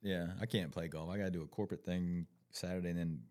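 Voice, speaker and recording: A man's voice: low voice, fast. A male podcast host, in casual profane chat, laughing and telling stories. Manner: laughing, profane, animated storyteller.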